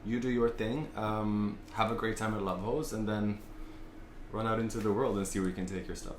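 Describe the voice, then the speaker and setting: A man's voice: fairly low pitch, steady tone, a little fast, slight background noise. A man from Sweden, an event organizer, explaining his events in a laid-back, plain-spoken way during an interview. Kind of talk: casual interview talk. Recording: roomy echo with faint ambience.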